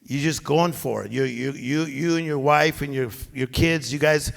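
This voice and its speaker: A middle-aged male pastor preaching a sermon to a live congregation, shouting and calling for responses. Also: mid-range voice, normal speed, creaky. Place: church with live band and congregation. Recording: long church reverb, music behind. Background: band music.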